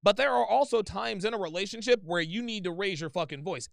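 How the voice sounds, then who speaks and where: A man's voice: high-pitched, lively intonation, brisk, creaky, a bit bright, dry recording, clean studio sound. A man hosting a call-in advice show, talking bluntly and emphatically with plenty of swearing. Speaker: host taking calls.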